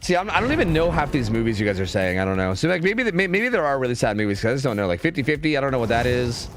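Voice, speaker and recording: A man's voice: medium pitch, very animated, rapid-fire, music in the background. A man chatting casually with his stream viewers, rambling and swearing a lot, full of fillers. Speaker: streamer and game caster.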